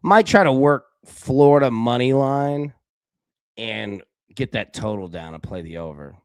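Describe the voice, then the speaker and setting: Broadcasting from an indoor room with a window, this man runs a live sports betting stream in a relaxed, energetic manner, addressing viewers in chat by name. His middle-pitched voice is unhurried, clear and resonant, shifting from loud excitement to soft low asides. Recorded close and dry, it has barely any room echo.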